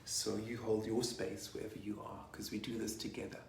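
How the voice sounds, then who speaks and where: A man and sangoma leading a guided meditation, talking softly and gently between chants. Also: on the low side, completely flat delivery, vocal fry, roomy sound, a little hiss or hum. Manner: soft, gentle, slow spoken guidance.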